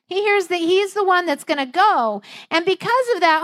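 A woman's voice: extremely high pitch, animated, moderate pace, hardly any pauses. A middle-aged woman pastor preaching a sermon in a conversational, lightly humorous way, acting out the voices she quotes.

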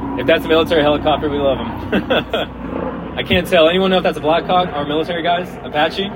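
A man's voice: a little high, brisk. A man preaching a casual, joking sermon at an outdoor festival, often restarting his words. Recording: outdoor recording, faint hum and passing vehicles.

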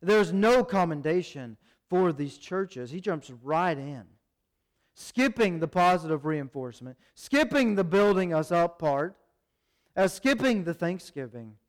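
A man preaching a sermon as pastor, urgent and animated, acting out little quotes. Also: on the high side, a little slow.

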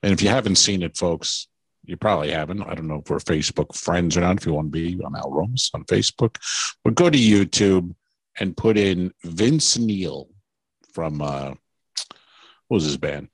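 A man's voice: sits low, animated, moderate pace, slightly rough, no echo. A man co-hosting a podcast in casual chat, rambling through stories and laughing as he tells them. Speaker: podcast co-host.

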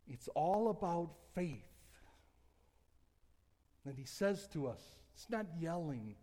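High-voiced male pastor in a reverberant hall. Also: big pitch swings, slow pace, pauses often. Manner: preaching with swings from soft asides to loud emphatic passages; humorous, conversational. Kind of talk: sermon. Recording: long church hall reverb.

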